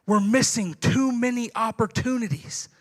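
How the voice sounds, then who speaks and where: High, bright-voiced young male preacher. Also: normal speed. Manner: conversational preaching, acts out dialogue. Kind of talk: sermon.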